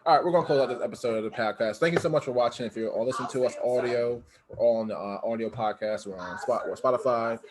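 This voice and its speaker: A man's voice: medium pitch, fast. A man co-hosting a podcast, chatting casually and joking, often restarting his sentences. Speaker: podcast co-host. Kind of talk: casual chat.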